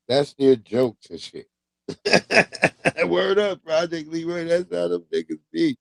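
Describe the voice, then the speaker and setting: A man's voice: a little high, takes it slowly, vocal fry, no room sound. A man chats on his livestream in a loose, profane way, breaking into laughter as he tells stories. His voice sits close to the mic in a dry, dead room. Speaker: livestream host. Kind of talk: casual livestream commentary.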